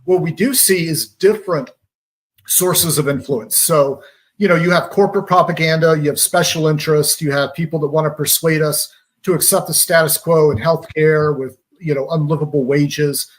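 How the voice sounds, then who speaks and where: A man's voice: on the high side, fairly even intonation, normal speed. Man explaining propaganda with pop analogies. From Georgia, US. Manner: analytical, uses pop-culture analogies. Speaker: radio show guest. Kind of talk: conversational explaining.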